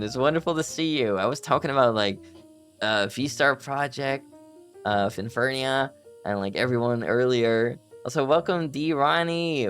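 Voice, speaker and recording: A young man casually chatting with viewers on a live stream, playful and quick to laugh as he greets people. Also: medium pitch, fairly bright tone.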